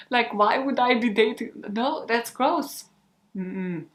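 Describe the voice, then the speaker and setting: A woman's voice: fairly high pitch, takes it slowly. A young woman in casual outtake chatter to the camera, profane, giggly and self-mocking, on a desk microphone at home. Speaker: true crime YouTuber.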